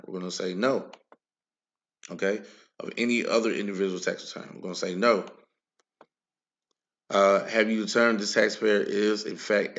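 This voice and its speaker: A man walking viewers through tax software in a screen-recorded tutorial, repeating key points and calling them guys. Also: low-pitched, vocal fry.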